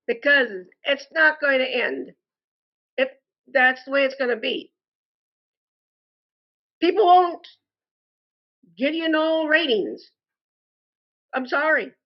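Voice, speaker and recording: A frustrated woman delivering an indignant complaint monologue, speaking deliberately and calling her listeners "folks". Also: high voice, muffled recording. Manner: slow, deliberate and indignant, addresses viewers as "folks". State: frustrated and angry. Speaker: customer posting a complaint review.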